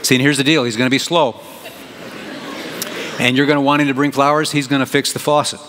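A pastor preaching a sermon in an animated, conversational way, with big jumps in emphasis. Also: male voice, mid-range voice, a little fast. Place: church sanctuary. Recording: reverberant church hall, faint noise.

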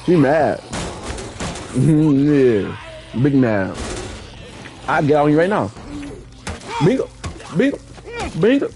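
A man giving live gameplay commentary, playfully trash-talking enemies and repeating excited catchphrases. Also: a little high, takes it slowly, vocal fry, long pauses, music in the background. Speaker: gaming streamer.

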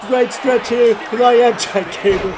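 A man playing a wrestling video game on a live stream, calling the action excitedly and speaking to viewers as folks and guys. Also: very high-pitched, moderate pace, a crowd in the background, low-quality recording. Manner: hype-man, keeps addressing "folks" and "guys".

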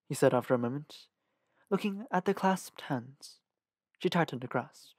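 A man narrating a novel as an amateur audiobook reader, with a lively, uneven reading and small self-corrections. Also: mid-range voice, normal speed, vocal fry, breathy edge, no echo, studio quality.

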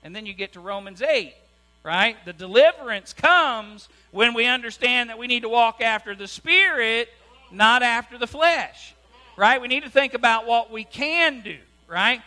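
A man's voice: very high-pitched, moderate pace. A man preaching a sermon as pastor, keeps asking the congregation "right?" in a church with a hum and long reverb. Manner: lively preaching, asks the congregation "right?" again and again. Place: church sanctuary.

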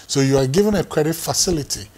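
A man delivers a sermon with a husky, slightly raised voice. He preaches emphatically, circling back on his phrases and stacking them for weight. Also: on the high side, fast, darkish tone. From Ghana. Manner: emphatic, repeats phrases for effect. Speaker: pastor.

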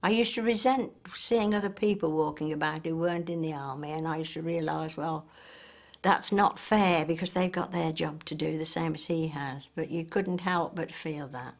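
A woman's voice: low-pitched, moderate pace. Older woman, earnest and reflective. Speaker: interviewee. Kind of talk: reminiscing interview.

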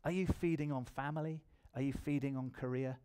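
A man's voice: mid-range voice, steady tone, a little fast, warm tone, clean tone. A man preaching a sermon in church, telling his own testimony and building to emphatic appeals.

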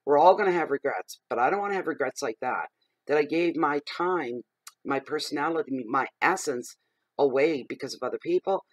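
A middle-aged man giving a general tarot reading, expressive and emphatic, working himself up as he talks. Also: on the high side, fairly quick, no room sound, low-quality recording. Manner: expressive and emphatic, gets riled up. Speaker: tarot reader.

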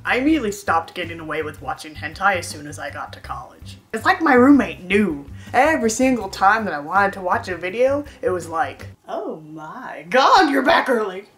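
A woman's voice: fairly low pitch, sing-song, brisk, few pauses, faint music behind. A young woman vlogger telling a storytime tale in a sarcastic, self-mocking way. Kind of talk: storytime monologue.

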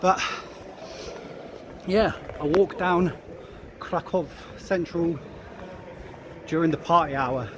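Speaking slowly in a slightly high voice and pausing often, a man films a casual walk-and-talk vlog on his handheld camera along a busy city street at night. He's chatty and jokey, laughing often and swearing casually, with crowd and street noise in the background.

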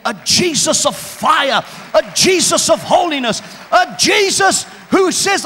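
Fervent high-voiced male preacher. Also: lively intonation, takes it slowly, hardly any pauses. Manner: fervent, shouting with rising pitch in prayer; joking and playful between appeals to the crowd. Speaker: guest preacher. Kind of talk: charismatic sermon. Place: church hall. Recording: long church hall reverb.

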